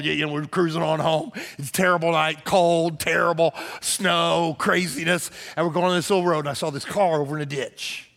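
A middle-aged man preaching a sermon as pastor, telling a story that swells to loud excited peaks and drops to hushed tones. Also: a little high, creaky. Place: church sanctuary. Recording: long hall reverb.

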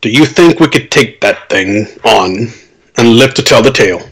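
A man plays a tabletop game in character, gruff and matter-of-fact. His voice is husky at a middle pitch. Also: lively intonation, normal speed, a bit bright. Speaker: player.

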